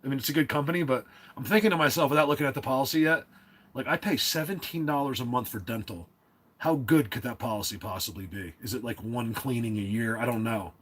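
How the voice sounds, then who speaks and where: Husky, rambling man on a livestream. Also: medium pitch, quick pace, a bit bright. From New Jersey. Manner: rambling, filler-heavy, self-interrupting. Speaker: livestream host. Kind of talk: casual livestream chat.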